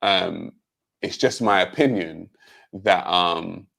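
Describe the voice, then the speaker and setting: A man with a British accent, giving a measured, pointed rebuttal on a livestream panel, with many um fillers. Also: low-pitched, vocal fry, fairly bright tone. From Jamaica. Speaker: panel guest.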